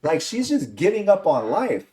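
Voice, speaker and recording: Male podcast host, ranting and profane, slightly higher voice, very animated delivery. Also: moderate pace, crowd noise. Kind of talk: casual movie review chat.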